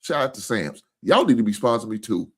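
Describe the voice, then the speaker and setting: A tired man with a drawl rambles through a casual sports talk stream. His pitch swings widely as he cusses and jokes with his chat. He sounds loose and unscripted. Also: big pitch swings, quick pace, a bit bright, slightly rough. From Kentucky. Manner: rambling, profane, laughing and joking with chat.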